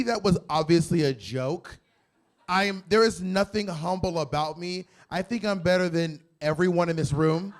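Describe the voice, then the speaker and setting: A man doing stand-up comedy in a comedy club, brash, boastful and blunt, with sudden loud jumps. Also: on the high side. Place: comedy club in San Diego.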